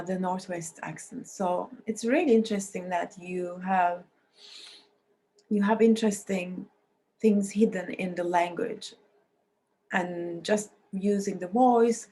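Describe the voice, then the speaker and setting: Woman lecturer with a scratchy, mellow voice. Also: mid-range voice. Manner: explanatory, with frequent restarts and non-native phrasing. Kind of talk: recorded university lecture.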